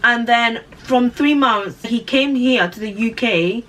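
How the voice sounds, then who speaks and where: A woman vlogger giving her opinion in an animated way, with lots of "like" and rhetorical questions. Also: a little high, takes it slowly, recorded from a distance, low-quality recording. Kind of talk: opinion commentary.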